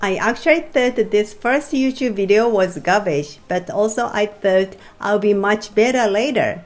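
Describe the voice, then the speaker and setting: A middle-aged woman from Japan with a Japanese accent, teaching a beginner language lesson who explains calmly and models each word slowly. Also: mid-range voice.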